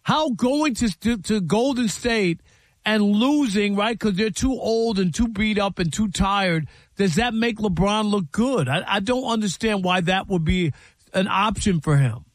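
A man's voice: high-pitched, unhurried, no room sound. An older man co-hosting a sports talk radio show, arguing with incredulous questions and pushing back on his partner. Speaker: radio co-host.

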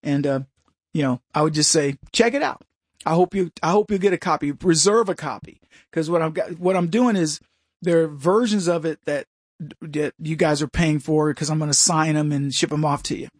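A man hosts a talk radio show in a high voice, animated and sarcastic. His voice is close and dry, with no room sound. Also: moderate pace, no echo.

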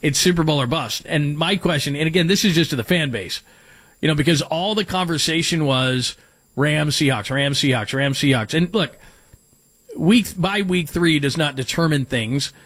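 A man hosting a daily sports talk show, rambling and joking as he reads listener texts, with a light, fairly high voice. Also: normal speed, fairly bright tone, no echo. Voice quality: light, higher voice. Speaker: sports radio host.

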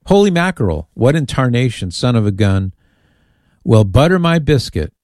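A man's voice: medium pitch, very animated, moderate pace, darkish tone, dry recording, clean studio sound. A man hosting a call-in radio show, chatting and reading listener emails aloud with amused asides. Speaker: radio host.

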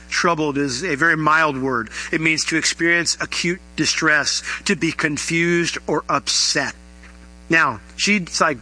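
A man preaching a sermon, animated, often acting out the voices he quotes. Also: fairly high pitch, poor audio. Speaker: pastor.

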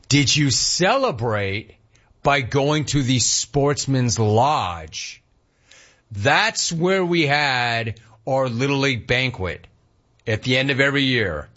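A man in his forties hosts a sports talk show, telling loose stories and reading the live chat aloud. His pitch swings widely, full of lively ups and downs. The sound is a little dull and lo-fi, as from a modest stream setup. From Southern California. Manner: animated, rambling storyteller who mimics his dad.

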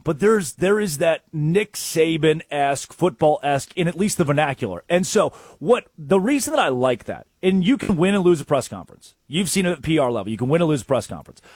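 A man co-hosting a sports talk show, telling stories in an excitable way and acting out quotes. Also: on the high side, brisk, husky, no echo, studio quality. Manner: storytelling, acts out quotes, excitable.

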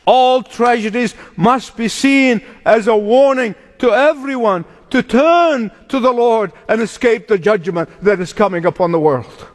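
A man preaching a sermon, stressing his points with dramatic slow passages and sudden outbursts, chuckling now and then between points. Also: extremely high pitch, long reverb tail. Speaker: pastor.

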